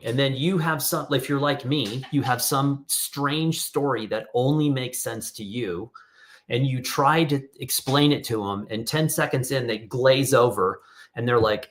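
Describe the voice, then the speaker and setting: A man's voice: mid-range voice, measured pace. A middle-aged man hosting an online photography workshop over a video call, casually telling stories and acting out the people in them. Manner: casual storytelling, acts out quoted voices. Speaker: workshop host.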